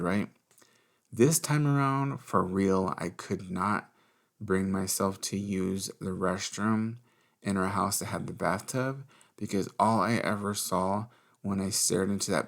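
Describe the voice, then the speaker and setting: A man's voice: deep voice, creaky. A young adult man hosting a podcast, candidly telling a personal story in casual chat, swearing freely and acting out what people said. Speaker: podcast host.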